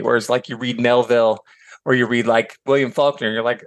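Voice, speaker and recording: A man's voice: mid-range voice, fast talker, no room sound. Chatty, digressive man on a podcast. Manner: chatty, digressive storyteller with casual swearing. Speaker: podcast guest, author and teacher. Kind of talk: casual chat.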